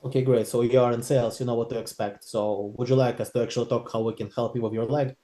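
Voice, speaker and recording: A man's voice: mid-range voice, steady tone, quick pace, warm tone. Hesitant male sales trainee, echoey room. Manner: hesitant, thinking aloud.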